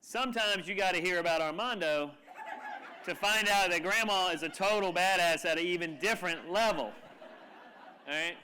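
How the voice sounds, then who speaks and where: A man giving a humorous, animated storytelling talk to a live audience in a lecture room. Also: sits high, moderate pace, slight background noise. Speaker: keynote speaker.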